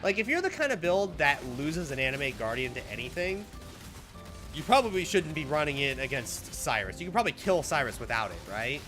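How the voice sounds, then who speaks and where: A man's voice: fairly high pitch, big pitch swings, fairly quick, over music. A man streaming a game, chatting casually with viewers in an upbeat way, full of fillers. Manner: chatty, upbeat, reads chat aloud, full of "like" and "right?".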